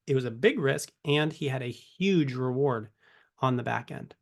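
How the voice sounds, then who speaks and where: A man's voice: mid-range voice, normal speed, vocal fry. A man giving a casual Bible teaching to camera, conversational and full of rhetorical questions. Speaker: ministry teacher.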